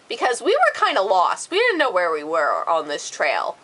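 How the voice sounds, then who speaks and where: A woman vlogger tells a storytime with dramatic, animated energy and casual profanity. Her voice is bright and sharp, with a fairly high pitch. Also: normal speed, few pauses, rough recording. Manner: animated, swears freely, dramatic retelling. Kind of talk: storytime vlog.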